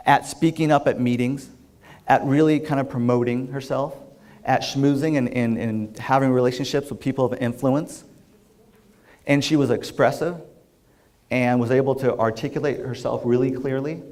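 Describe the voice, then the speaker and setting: A man's voice: medium pitch, darkish tone. A middle-aged man, an executive coach, telling a client story to an audience and acting out the quoted lines with energy.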